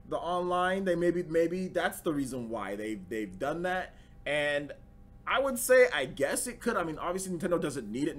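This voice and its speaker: A young man hosting a live gaming news stream, chatting casually, slangy and excitable, often repeating himself. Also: a little high. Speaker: livestream host.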